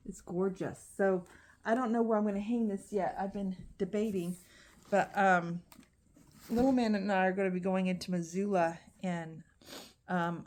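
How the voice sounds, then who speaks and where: A woman's voice: on the low side, a little mellow, slight background noise. A woman chatting casually to her phone camera at home as she unboxes yarn, with frequent ums and restarts. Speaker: crochet vlogger.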